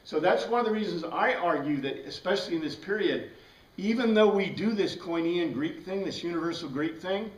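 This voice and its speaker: A man's voice: high voice, animated, fairly quick. A man teaching a Bible class in a casual, conversational lecture style, often checking in with the class by asking "right?". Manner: conversational, asks the class questions, frequent "right?". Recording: echoey room from a distance.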